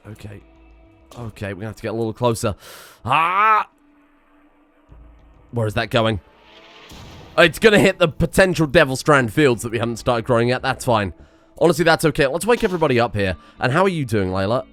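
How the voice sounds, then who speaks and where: A man giving excitable let's play commentary on a strategy game, muttering one moment and shouting the next. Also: mid-range voice. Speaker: gameplay commentator.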